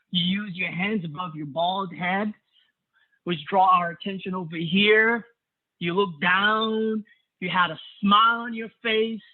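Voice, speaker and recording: A man giving an enthusiastic spoken evaluation of a club speech over a video call. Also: high voice. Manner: enthusiastic, praising. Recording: tinny phone-like audio.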